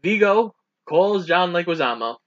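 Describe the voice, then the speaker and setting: A man's voice: high-pitched, expressive, measured pace, a bit bright, lo-fi sound. A man co-hosting a podcast, retelling a film's plot casually and acting out the characters' lines. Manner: narrates the plot, acts out lines. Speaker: podcast co-host. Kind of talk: casual movie recap chat.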